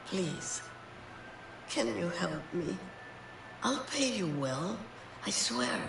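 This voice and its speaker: Fretful game villager woman, pleading, slow, lively pitch, echoey distant noisy sound. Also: gravelly, heavily acted. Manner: pleading, then gushing with relief. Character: fretful village woman who lost her potatoes.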